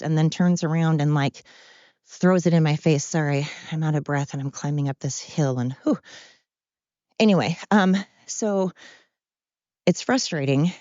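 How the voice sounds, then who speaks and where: Woman podcast host, low voice, blunt rambling monologue, dull dry recording. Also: mellow, no room sound. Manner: rambling, blunt and self-deprecating. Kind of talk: candid monologue.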